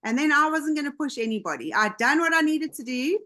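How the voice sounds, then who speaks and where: A woman on a video call telling her own story in a lively, chatty way, slipping into quoted dialogue. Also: high voice, a little fast. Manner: animated, jumps into quoted dialogue. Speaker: team member sharing her story on a call. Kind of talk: casual storytelling.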